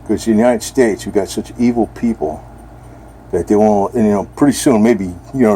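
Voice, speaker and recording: A man's voice: lowish voice, fairly quick, warm tone, slight background noise. A man talking casually and bluntly in a rambling home video, now and then speaking to his cat. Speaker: vlogger.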